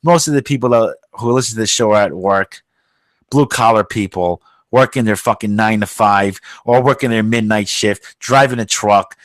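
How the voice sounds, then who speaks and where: A man's voice: on the low side, moderate pace, no room sound. A man hosting a podcast, ranting in a heated, profane and outraged way. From United States. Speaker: podcast host.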